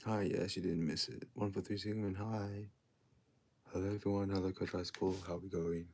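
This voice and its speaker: A young man hosting a casual livestream and reading out viewer comments, talking in a tired, quiet, low-key way. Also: flat delivery, normal speed, breathy edge. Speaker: livestream host.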